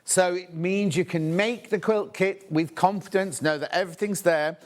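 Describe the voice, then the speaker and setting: A man's voice: high voice, steady tone, moderate pace. A man presenting products on a live shopping channel, chatty and gushing, thinking aloud as he unpacks things.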